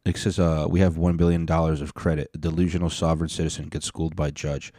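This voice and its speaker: A man's voice: rumbling low, level tone, fast talker, warm tone, no echo, studio quality. A man hosting a reaction video, giving casual, blunt and profane commentary with sarcastic asides.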